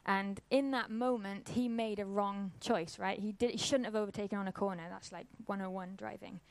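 A woman's voice: mid-range voice, steady tone, moderate pace, dry recording. A woman, giving an informal church talk and telling a personal story in a casual, conversational way. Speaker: church speaker.

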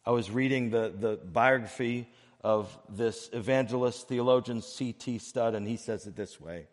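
A man preaching a sermon as pastor of a church, earnest and measured, breaking his phrases with pauses and swinging between soft and loud. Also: medium pitch, big-room sound. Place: church sanctuary.

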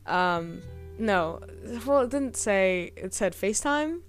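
A woman's voice: mid-range voice, lively intonation, slow, faint music behind. A young woman hosting a podcast, telling a personal story in a rambling, hesitant way, full of fillers. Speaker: podcast host.

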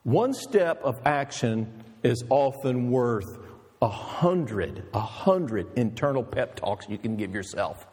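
A man's voice: medium pitch, sing-song, slow pace, darkish tone, breathy edge, long reverb tail. A male pastor preaching an emphatic, storytelling sermon with rhetorical questions.

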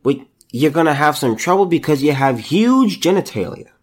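A man's voice: on the high side, animated, moderate pace. A man hosting a solo commentary podcast, ranting in disbelief and restarting his sentences often. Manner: incredulous, ranting, many restarts. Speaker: podcast host.

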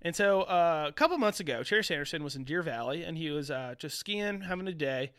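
A man's voice: a little high, fairly quick, smooth, no echo, clean studio sound. A man co-hosting a casual podcast, telling celebrity stories with swearing and acted-out quotes. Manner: animated storyteller, swears, acts out quotes. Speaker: podcast co-host. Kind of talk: casual chat.

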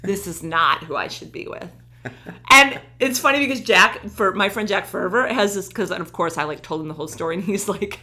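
A woman with a bright, clear-toned voice chatting casually. She tells a personal story in a lively way and acts out what each person said. Her voice sits in a middle register. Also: medium pitch, a little fast. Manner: animated storytelling, acting out quoted lines. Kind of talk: casual chat.

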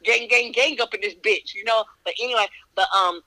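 A woman with a Northern US accent co-hosting a podcast, talking in a blunt, profane, animated way. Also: fairly high pitch, fairly quick, no room sound, poor audio. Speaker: podcast co-host. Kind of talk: casual chat.

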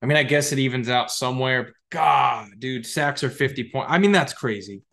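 A young man hosting a podcast, talking casually about his fantasy football league in a rambling, excitable and profane way. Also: medium pitch, brisk, vocal fry. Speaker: podcast host.

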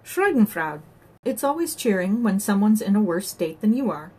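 A woman's voice: mid-range voice, sing-song, normal speed, a little mellow, slightly rough, pitched above the performer's own voice. A woman reading an audiobook voices a hairy, mischievous imaginary male companion who needles his friend in a playful, sly manner.

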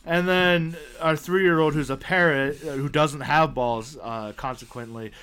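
A man with a medium-pitched voice, co-hosting a casual podcast. He tells joking family stories, acts out the lines in them, and keeps a lively, teasing delivery. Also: moderate pace, clear, resonant tone. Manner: animated, joking storytelling that acts out quotes. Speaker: podcast co-host. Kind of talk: casual chat.

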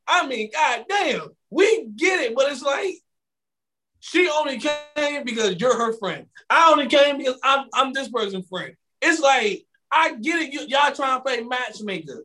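A man hosting a podcast in casual chat, telling animated stories and acting out both sides of conversations into a microphone. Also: extremely high pitch, unhurried. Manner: animated storytelling, acting out exchanges with quoted voices. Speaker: podcast host. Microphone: studio microphone.

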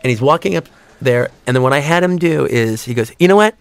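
A man's voice: medium pitch, fairly quick, vocal fry, faint music behind. A man giving a casual audio commentary on a film, rambling with many fillers and restarts and acting out audience reactions in a raised voice.

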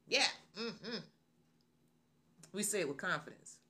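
A woman's voice: low-pitched, very animated, normal speed, long pauses, bright, forceful tone. A woman host giving an emphatic radio sermon, repeating her phrases for emphasis. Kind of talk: radio preaching talk.

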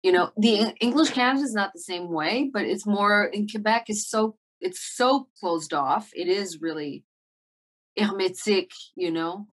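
A woman's voice: medium pitch, expressive, normal speed, husky. A woman actor being interviewed, talking casually and reflectively, with many fillers and restarts. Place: Montreal.

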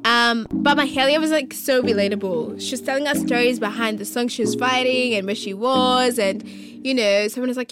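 A young woman, telling stories in a casual vlog, animated and slangy with quick asides. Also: fairly high pitch. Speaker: vlogger. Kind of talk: casual story-time chat. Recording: loud music under the voice.

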